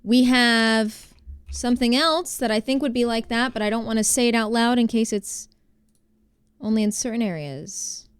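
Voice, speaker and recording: A woman's voice: on the high side, normal speed, clean tone, no room sound. Chatty young woman streamer. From New Jersey, USA. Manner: chatty, rambling with many fillers. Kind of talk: casual chat reading viewer messages.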